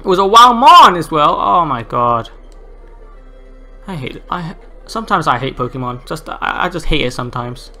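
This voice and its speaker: Young male gamer, exasperated commentary, lively swinging pitch, music underneath. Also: moderate pace. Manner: exasperated, swearing, shouting and laughing at losses. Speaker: gameplay commentator. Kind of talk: gameplay commentary.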